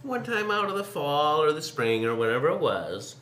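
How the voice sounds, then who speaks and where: A man hosting a casual interview, playful and laughing, telling a lively story. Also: a little high, moderate pace, roomy sound, slight background noise. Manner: playful, laughing, acts out voices in stories. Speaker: host.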